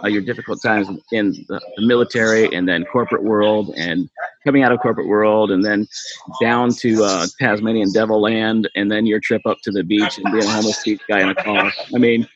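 A man hosting an interview, talking haltingly and repeating words as he gathers his thoughts. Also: fairly low pitch, steady tone. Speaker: podcast host. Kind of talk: casual interview chat. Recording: dull lo-fi audio with faint noise.

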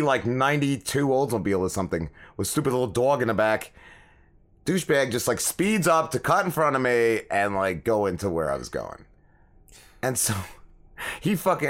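A man's voice: mid-range voice, a bit bright. A man co-hosting a podcast, rambling through stories full of swearing and acting out what other people said. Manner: rambling, swears a lot, acts out quoted people. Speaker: podcast co-host. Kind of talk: casual profane storytelling.

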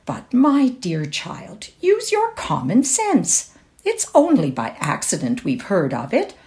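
A woman's voice: fairly low pitch, huge pitch swings, slow pace, a little mellow, full character voice. A woman reading the lines of a poised, amused society mother in a short story, drawn out and indulgent. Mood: coaxing.

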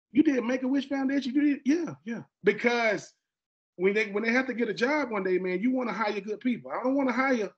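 This podcast host, a man from Georgia in the USA, speaks with a high, slightly breathy voice, and the sound is lo-fi. In a relaxed chat he animatedly performs quoted dialogue, with frequent repeats and restarts.

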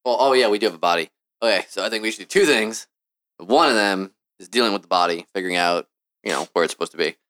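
A man's voice: fairly low pitch, fast, fairly bright tone, no room sound, studio quality. A man playing a tabletop game, casually laying out plans for the group. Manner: planning, organized. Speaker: player.

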